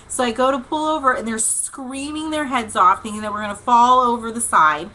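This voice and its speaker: A woman hosting a livestream devotional, telling a long casual story in an animated, chatty way, with lots of "like" and "okay" and bursts of laughter. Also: a little high, brisk, few pauses, rough recording. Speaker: host. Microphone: livestream webcam mic.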